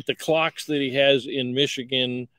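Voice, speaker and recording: A man's voice: medium pitch, fairly even intonation, a little slow, a bit bright, dry recording, rough recording. A man hosting a casual show over a video call, chatty and teasing his guests. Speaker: host. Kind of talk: casual chat.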